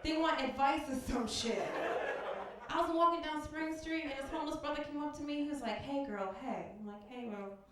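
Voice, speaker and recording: A woman doing a stand-up comedy set, brash and profane, acting out street characters in quick bits. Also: sits high, a crowd in the background. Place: comedy club stage. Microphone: handheld stage mic. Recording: far, roomy live club recording. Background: audience laughter.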